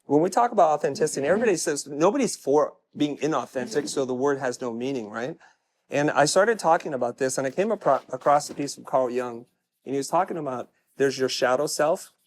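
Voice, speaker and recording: A man's voice: medium pitch, brisk, a little hiss or hum. A middle-aged man speaking candidly to a live audience, telling stories in a self-deprecating way as a personal branding speaker. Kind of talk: stage talk to a live audience.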